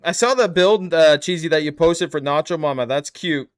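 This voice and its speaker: A man chatting on a live build stream, trailing off into quiet muttering as he fits pieces together. His voice sits a little high for a man and sounds smooth and clear. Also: moderate pace. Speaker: streamer building a model kit. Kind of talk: casual live-stream chat.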